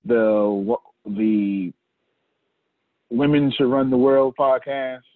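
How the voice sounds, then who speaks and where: Over a tinny, phone-like line with no room sound, a man of medium pitch speaks slowly as he runs a relaxed team meeting. He laughs, cracks jokes, and says things more than once while assigning work.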